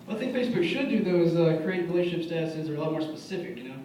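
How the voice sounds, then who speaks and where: This young comic's voice is a little high, with lively intonation and rapid-fire delivery over background noise. At a bar music venue, he spins loose, conversational stories and plays his friends' quotes; an echoey, distant mic picks up the room and the crowd's laughter.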